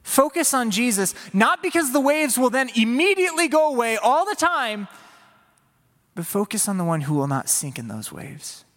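In a church with long hall reverb, a man preaches earnestly and conversationally, sometimes raising his voice into a pleading tone to act out Peter's inner plea. His voice is extremely high, sing-song and fairly bright, at a moderate pace.

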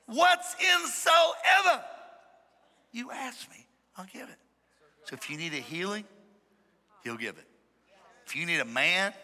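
A man preaching a sermon to a congregation, emphatic and playful, calling on the crowd to shout back. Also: fairly high pitch. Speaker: pastor. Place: large church hall. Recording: echoey hall reverb.

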